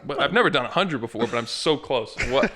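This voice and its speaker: Young dude on a podcast, just rambling thru a story, casual. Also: male voice, mid-range voice, expressive, fast talker, bright, forceful tone. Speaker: podcast co-host.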